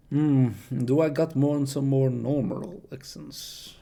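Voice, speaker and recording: A man's voice: medium pitch, steady tone, normal speed, vocal fry, few pauses, mellow. A young man chatting casually on a stream, rambling in a self-deprecating way with slightly non-native phrasing. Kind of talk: casual chat showing off voices.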